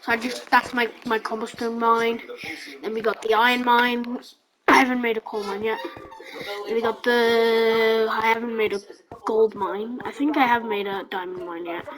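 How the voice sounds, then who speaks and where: A high-pitched female vlogger rambles through a casual gameplay tour. She is excitable and giggly, and she stumbles over fillers. A busy crowd murmurs behind her. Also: normal speed, poor audio.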